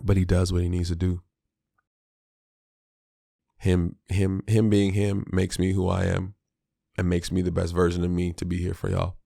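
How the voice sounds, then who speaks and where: Low, gravelly-voiced man hosting a podcast. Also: monotone, moderate pace, long pauses, dark tone, dry recording, clean studio sound. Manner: reflective, candid and slangy with frequent restarts. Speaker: podcast host; father of a small child. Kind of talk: solo podcast monologue.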